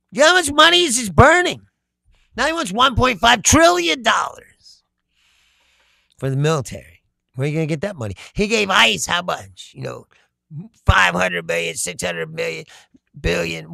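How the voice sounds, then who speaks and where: A man's voice: high-pitched, normal speed, vocal fry, long pauses, dry recording, studio quality. A man hosting a live stream. He reads viewer comments aloud, talks with lots of energy, laughs often and swears. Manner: animated, laughs often, shouts, profane. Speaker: host.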